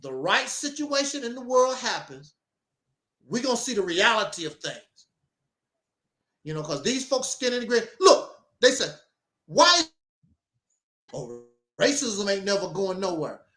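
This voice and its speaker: A man's voice: sits high, sing-song, moderate pace, a bit bright, reverberant. A man hosting his own talk program, delivering an emphatic, preachy monologue with mocking asides. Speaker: host. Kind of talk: opinionated talk show monologue.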